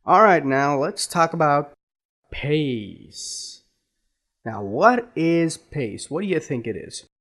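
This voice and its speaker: Male accent trainer, unhurried instructional delivery, animated slightly high pitch. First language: Indian. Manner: slow, deliberate, drawn-out explanations. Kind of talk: instructional lesson.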